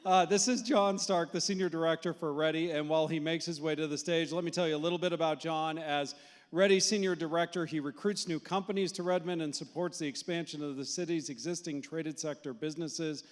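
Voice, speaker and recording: A man's voice: fairly high pitch, steady tone, fairly quick. Joking male emcee in a reverberant hall. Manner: playful, joking banter. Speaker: event emcee. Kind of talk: public speech introducing speakers.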